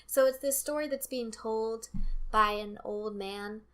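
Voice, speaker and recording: A woman's voice: fairly high pitch, measured pace, a bit bright. A woman in her twenties from Maryland, co-hosting a casual chat and leaning hard on syllables for emphasis. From Maryland, USA. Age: 20s. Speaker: co-host.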